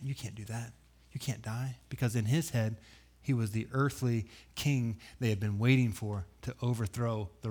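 A man preaching a sermon, telling the story with animated acted-out voices, loud sudden bursts and dry joking asides. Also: medium pitch, gravelly. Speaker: pastor.

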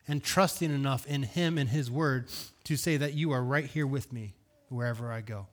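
A man preaching a sermon as pastor, earnest, asking rhetorical questions and swinging between hushed words and raised emphasis. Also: mid-range voice, moderate pace.

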